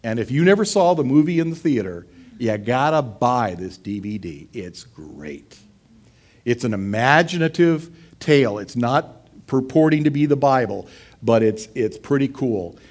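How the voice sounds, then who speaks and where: A middle-aged male pastor giving an animated, conversational sermon. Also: medium pitch, normal speed. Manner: animated, conversational preaching, acts out quotes.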